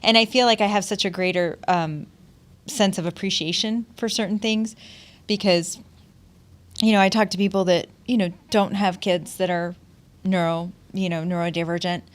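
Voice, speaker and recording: A woman's voice: on the low side, steady tone, moderate pace. A middle-aged woman hosting a podcast, telling personal stories in an emotional, heartfelt way with frequent laughs and restarts. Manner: emotional storytelling, laughs often, many restarts. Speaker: podcast host. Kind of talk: casual heartfelt conversation.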